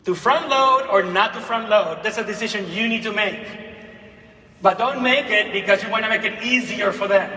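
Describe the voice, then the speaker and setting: A man giving a conference keynote on teaching, talking in an animated way and repeating phrases for emphasis. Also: high-pitched, moderate pace. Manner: animated, dramatic read-aloud with repeated phrases. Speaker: keynote speaker. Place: large hall. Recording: echoey hall from far off.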